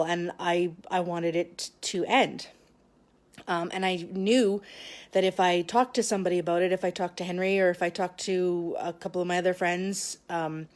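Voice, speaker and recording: A woman vlogger sharing a personal story straight to camera. She talks in a halting way, with frequent restarts and long pauses, and sounds emotional and close to tears. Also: fairly low pitch, darkish tone. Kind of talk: personal confessional talk to camera.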